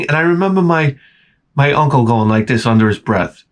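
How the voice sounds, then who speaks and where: A man's voice: medium pitch, lively intonation, a little fast. A man in his forties hosting his channel, ranting and grumbling with plenty of swearing as he jumps between complaints. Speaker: channel host. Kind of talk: profane comedic rant.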